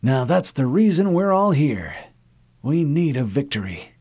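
Man voicing a gruff old admiral, raised higher and blunt, dry lo-fi audiobook sound. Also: sing-song, unhurried, mellow, exaggerated voice. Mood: blustering. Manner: brusque, folksy military bluster. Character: aging male fleet admiral, gruff, blunt, commanding.

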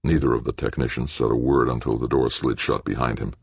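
A man's voice: rumbling low, steady tone, quick pace, vocal fry, husky, no echo. A man reading a novel aloud as an audiobook narrator. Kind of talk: scripted narration.

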